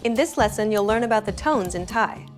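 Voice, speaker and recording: A woman narrates a scripted pronunciation lesson at a middle pitch. Her explanations are clear and measured. Faint music plays behind her. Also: animated. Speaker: pronunciation teacher.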